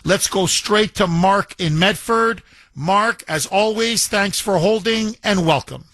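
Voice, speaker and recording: A man's voice: high-pitched, slow, a bit bright, no echo. A man hosting a talk radio show from a studio, delivering a combative, emphatic monologue and taking calls. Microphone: studio microphone.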